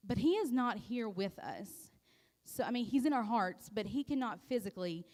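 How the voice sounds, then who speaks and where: A woman's voice: on the high side, expressive, darkish tone, long reverb tail. Woman giving a heartfelt church testimony. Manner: halting and heartfelt, with frequent pauses and restarts. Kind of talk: personal testimony to a congregation. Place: church sanctuary.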